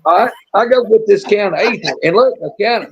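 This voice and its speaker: With a brisk, husky, high voice edged with vocal fry, this man drawls through a folksy tale on a live show, often starting his sentences over. It's casual storytelling, heard through muffled, lo-fi stream audio.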